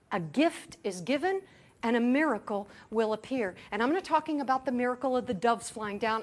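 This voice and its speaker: A woman giving a sermon to a live gathering, emphatic, with rhetorical questions, repetition and jokes between her points. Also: on the high side. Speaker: spiritual teacher. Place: meeting room in New York.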